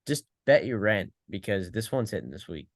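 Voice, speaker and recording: A man co-hosting a podcast in casual chat, low-key and self-deprecating, talking over a video call from a dark room at home. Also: lively intonation, normal speed, no echo, studio quality. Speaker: podcast co-host.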